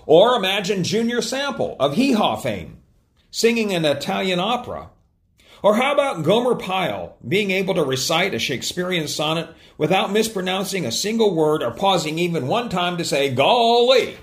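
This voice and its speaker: A man delivering a church sermon in a somewhat high voice that swings widely in pitch as he tells stories and teaches. He stumbles into small restarts now and then, keeping an easy, talking-to-the-congregation feel. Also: very animated, moderate pace. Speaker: pastor.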